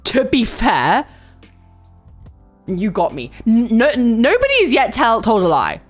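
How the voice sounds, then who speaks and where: A young woman talks to her livestream chat in an animated, swinging voice. She swears freely and reads comments aloud between stories. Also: fairly high pitch, normal speed, soft background music.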